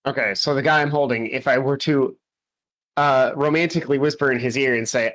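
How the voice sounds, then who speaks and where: A man's voice: mid-range voice, fairly even intonation, fairly quick, fairly bright tone, poor audio. A man playing a tabletop game in casual chat, joking and asking questions about the rules. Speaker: player.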